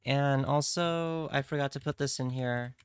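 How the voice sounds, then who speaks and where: A man's voice: mid-range voice, fairly even intonation, a little slow, smooth, dry recording. A young man streaming, chatting casually and playfully with his viewers in a rambling way. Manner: rambling, playful, talks straight to chat. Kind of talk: casual livestream chat.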